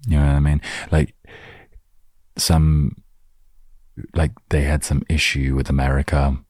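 A man with an extremely deep, husky voice chats on his solo podcast. He rambles, drifts into jokes and trails off mid-thought, and the recording is close and dry. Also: little pitch movement, a little slow, a little mellow, dry recording. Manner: rambling, joking asides, trailing off. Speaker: podcast host. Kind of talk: casual solo podcast chat.

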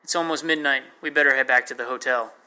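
A man's voice: mid-range voice, steady tone, fast, bright, forceful tone, clean tone. A man voicing a sensible young soldier who speaks in a plain, matter-of-fact way. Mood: practical. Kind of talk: audiobook narration.

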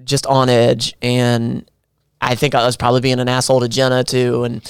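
A man hosting a podcast, telling a story in a rambling, animated way with restarts. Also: mid-range voice, normal speed, clean tone, no echo, studio quality. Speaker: podcast host. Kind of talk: casual chat.

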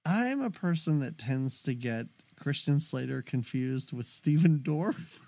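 A man's voice: medium pitch, a little slow, vocal fry. A man co-hosting a movie podcast, chatting casually and joking with frequent laughs. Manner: animated, jokey, laughs often. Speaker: podcast co-host.

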